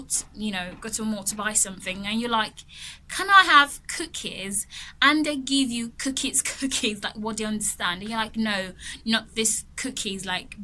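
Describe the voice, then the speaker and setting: A young woman gives a relaxed online English lesson, talking in a loose, friendly way with frequent laughs and restarts. Her voice is bright and a little high. A faint hiss of noise sits behind the recording. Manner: chatty, laughs often, repeats and restarts phrases. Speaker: English pronunciation teacher.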